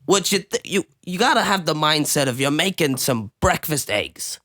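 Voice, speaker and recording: A man's voice: a little high, animated, moderate pace, pushed and bright, no echo, studio quality. Man in a wobbly mock old-timey accent. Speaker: podcast co-host. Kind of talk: improvised comedy chat.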